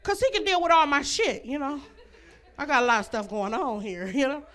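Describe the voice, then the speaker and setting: A woman's voice: sits high, fairly quick, a bit bright. A woman performing a stand-up comedy set on a comedy club stage, brash and laughing at her own jokes.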